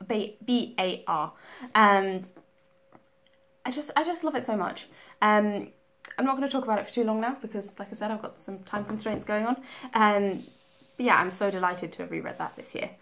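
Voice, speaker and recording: A woman's voice: medium pitch, a bit bright. A young woman talking casually about her reading, chatty and full of ums and restarts. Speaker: book vlogger.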